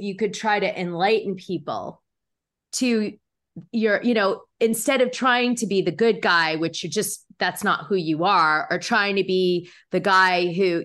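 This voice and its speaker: A woman's voice: mid-range voice, fairly bright tone. A woman hosting a casual chat, frank and blunt, swearing freely as she speaks her mind.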